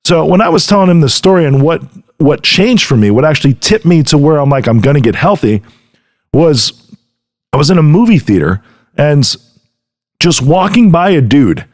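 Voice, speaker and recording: A man's voice: fairly high pitch, very animated, normal speed. A middle-aged man hosting a podcast, giving an earnest motivational talk straight to the listener and often checking in with "right?". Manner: earnest, direct address with frequent "right?". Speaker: podcast host. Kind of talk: motivational monologue.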